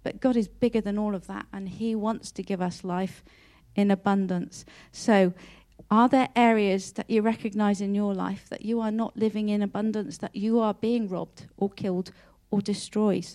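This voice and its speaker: A woman's voice: mid-range voice, fairly even intonation, normal speed, hardly any pauses, dark tone. A woman giving a heartfelt personal devotional talk, earnest and emotional, often repeating and restarting her words. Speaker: Christian speaker.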